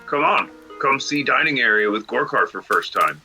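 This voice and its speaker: A man's voice: mid-range voice, animated, moderate pace, pushed and bright, faint music behind. A man voicing a simple, hulking male warrior who speaks in broken sentences and refers to himself in third person. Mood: earnest.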